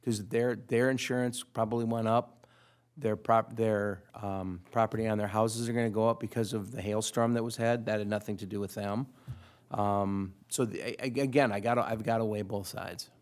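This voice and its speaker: Man, council member; lowish voice, deliberative and halting. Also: fairly even intonation. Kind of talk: council workshop discussion.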